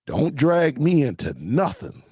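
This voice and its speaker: Gravelly man hosting a chatty live stream. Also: medium pitch, big pitch swings, unhurried, a little mellow, no echo. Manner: loose, talkative, laughs often, addresses viewers directly. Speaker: live show host. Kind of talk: casual live-stream commentary.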